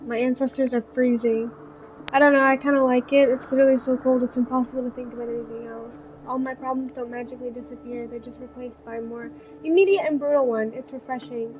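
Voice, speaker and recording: A woman's voice: high-pitched, steady tone, quick pace, highs cut off, faint music behind, lightly acted. A woman reading text messages aloud as a shy, earnest young woman photographer.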